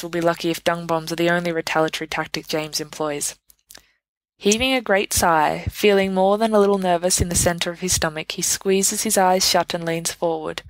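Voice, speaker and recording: Woman narrator, lowish voice, measured storybook reading, dry close recording. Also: steady tone, dry recording, low-quality recording. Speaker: podfic reader. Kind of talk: audiobook narration.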